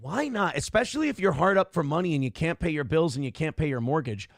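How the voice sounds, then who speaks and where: Brief: middle-aged male streamer, blunt and profane, slightly high gravelly voice. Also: lively intonation, fast, no echo, studio quality. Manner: blunt, ranting, swears freely. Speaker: streamer host reading chat. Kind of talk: casual livestream commentary.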